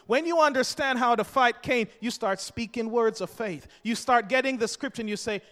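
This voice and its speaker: High, bright-voiced impassioned preacher man. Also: moderate pace, few pauses. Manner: impassioned, swinging between loud and hushed. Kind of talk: sermon. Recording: long hall reverb.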